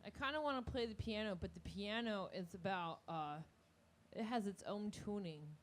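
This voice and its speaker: A woman with a mid-range voice speaks at a normal speed while hosting a music and comedy show. Between songs she chats casually, joking and poking fun at herself, with guitar playing in the background.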